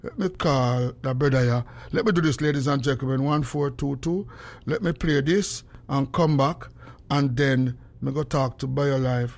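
A man's voice: mid-range voice, normal speed, vocal fry. A man with a Jamaican accent hosting a call-in radio show, telling stories in patois with frequent laughter. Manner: animated storytelling in patois, laughing often. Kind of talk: casual call-in radio chat.

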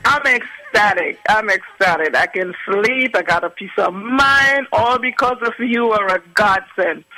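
A woman calling in to give a phone testimonial as a satisfied client, talking excitedly and repeating herself. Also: medium pitch, a little slow, rough recording.

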